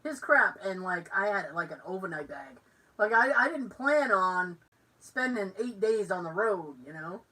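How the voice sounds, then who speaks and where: A woman's voice: mid-range voice, expressive, unhurried, pushed and bright, recorded from a distance, poor audio. A woman from Massachusetts with a Massachusetts accent, co-hosting a podcast and telling a story in casual chat. She acts out the lines of other people in the story. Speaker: podcast co-host.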